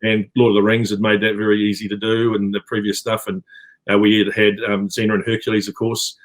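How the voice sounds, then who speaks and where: New Zealand man with a low voice. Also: little pitch movement, a little fast. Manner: rambling, with many fillers and restarts. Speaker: actor guest. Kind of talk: casual interview chat.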